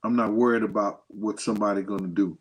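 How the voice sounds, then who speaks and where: A man hosting a casual livestream, telling stories with animated quoted dialogue and thanking viewers by name. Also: lowish voice, quick pace. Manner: animated storytelling, acts out quotes in a raised voice. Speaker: host.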